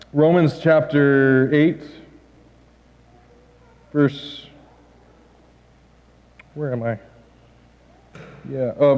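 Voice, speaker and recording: Middle-aged pastor guy preaching, high voice, jokey and animated, dull recording with church echo. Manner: animated, joking, acts out quotes. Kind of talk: sermon. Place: church hall. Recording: dull sound with long church reverb.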